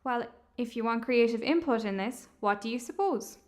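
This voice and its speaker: A woman voicing a lonely young woman who plans an opera, talking in a blunt, defensive way in an animated film. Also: on the high side, normal speed, natural voice.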